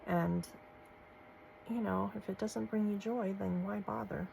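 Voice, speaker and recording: A woman, gushing softly as she shows off craft supplies in a casual vlog. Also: medium pitch, steady tone, unhurried, gravelly, slight background noise, rough recording. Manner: gushing, soft-spoken, folksy. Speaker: crafting channel host. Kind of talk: casual show-and-tell vlog.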